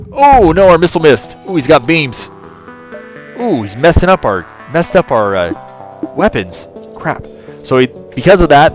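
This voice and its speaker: A man giving casual let's play commentary, chatting to his crew and breaking into excited outbursts. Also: mid-range voice. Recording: game music behind voice.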